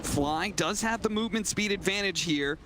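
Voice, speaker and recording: A man casting a live esports match, giving brisk, conversational play-by-play. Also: high voice, sharp tone, a little hiss or hum.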